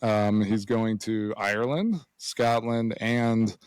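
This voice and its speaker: A man's voice: fairly low pitch, little pitch movement, slow, a little mellow, clean tone, no room sound, low-quality recording. A man in his thirties co-hosting a podcast, telling stories in a laid-back way and chuckling often. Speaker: podcast co-host. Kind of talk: casual interview chat.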